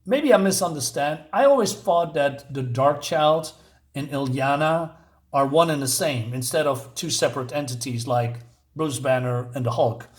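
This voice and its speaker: A man's voice: fairly high pitch, normal speed. A man reviewing a comic book in a rambling rant, exasperated and sarcastic, with many fillers and restarts. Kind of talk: ranting review.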